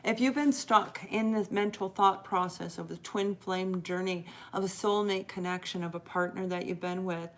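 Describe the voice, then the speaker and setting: A woman's voice: on the low side, fairly even intonation, moderate pace, hardly any pauses. A middle-aged woman giving a live tarot reading as host, talking earnestly and encouragingly straight to her viewers and stretching out the words she stresses.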